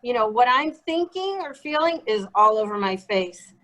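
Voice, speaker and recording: A woman telling her own story in an interview, blunt and animated, swearing freely as she acts out what was said. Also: fairly high pitch, normal speed, rough recording. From Chicago. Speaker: guest.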